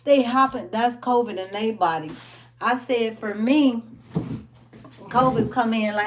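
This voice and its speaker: A woman giving a casual motivational wellness talk, animated and full of laughter as she acts out stories. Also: fairly high pitch, measured pace, long pauses, a little hiss or hum. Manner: animated storytelling, laughs often, acts out quotes. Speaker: wellness business owner.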